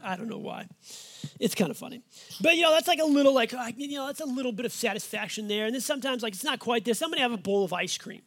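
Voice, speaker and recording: A man, a pastor with five kids, preaching a sermon in a folksy, conversational way and slowing down to stress the scripture he reads. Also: very high voice, expressive, a bit bright.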